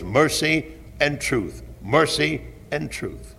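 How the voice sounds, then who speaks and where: A pastor preaching a sermon, dropping to hushed tones and rising to shouted peaks, in a 1970s church recording. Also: male voice, a little high, lively intonation, a little slow, creaky, big-room sound. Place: church sanctuary.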